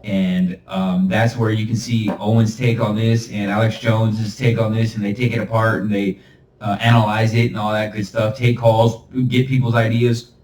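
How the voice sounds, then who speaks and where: A man's voice: lowish voice, level tone, moderate pace, a little mellow, slight background noise. A man hosting a solo podcast monologue. He talks in a rambling, emphatic, preachy way and chuckles now and then. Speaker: podcast host. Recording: roomy, far from the mic.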